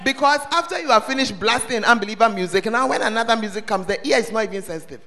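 A man preaches to his congregation in a sharp, very high voice that swoops up and down. He quizzes them directly and breaks into sudden shouts. His voice rings out with the long echo of a large hall. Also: expressive, fast talker. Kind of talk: sermon. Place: church service hall.

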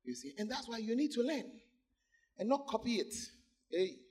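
A man's voice: very high voice, big pitch swings, moderate pace, a little mellow, slightly rough. A man pastor preaching a sermon, calling out to the congregation and laughing between points.

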